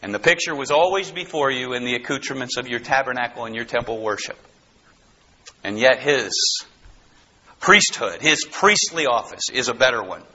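A man preaching an expository sermon, emphatic and animated, repeating key phrases. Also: mid-range voice, moderate pace, breathy edge. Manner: animated, emphatic repetition with rising bursts. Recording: dull lo-fi recording.

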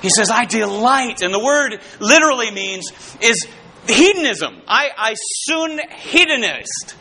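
A man preaching a fervent sermon, calling out to the congregation and bursting into shouts. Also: very high-pitched, big pitch swings, measured pace, slightly rough.

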